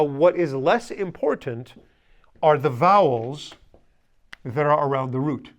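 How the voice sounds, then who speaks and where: A man teaching a language class, stressing points emphatically, drilling pronunciation with students and slipping in dry jokes. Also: on the high side. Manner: dry humorous asides.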